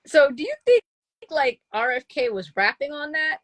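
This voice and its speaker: A woman co-hosting a podcast in casual chat, giggly and animated, often trailing off mid-thought. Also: high voice, moderate pace.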